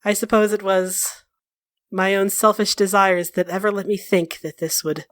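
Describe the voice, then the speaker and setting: A woman voicing a brooding ancient male elf god who talks low, soft and weary. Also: fairly even intonation, normal speed, dry recording, close to an everyday voice. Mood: wounded.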